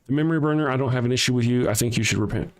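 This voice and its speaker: Older man, Southern US accent, livestream host, reads chat aloud, blunt, swears, chuckles a lot, mid-pitched voice. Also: rapid-fire. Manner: blunt, profane, chuckles often. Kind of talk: casual livestream chat, reading viewer comments.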